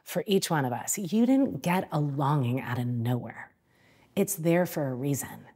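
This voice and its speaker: A woman coach, a guest on a podcast, telling animated stories and laughing often. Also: low voice, moderate pace, breathy edge. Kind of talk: casual interview chat.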